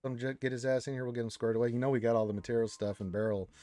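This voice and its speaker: A man hosting a casual gaming livestream, reading chat comments aloud and reacting with loud greetings and low grumbles. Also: steady tone, racing. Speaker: livestream host.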